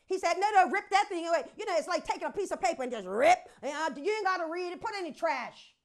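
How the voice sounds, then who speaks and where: Woman, pastor, sermon, very high pitch, rousing call-outs, laughing. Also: expressive, fast talker. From Bermuda.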